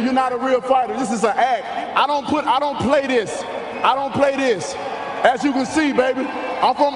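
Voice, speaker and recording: A man shouting taunting trash talk at an opponent during a post-fight interview in a boxing arena. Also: very high voice. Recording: echoey arena with loud crowd. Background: crowd noise.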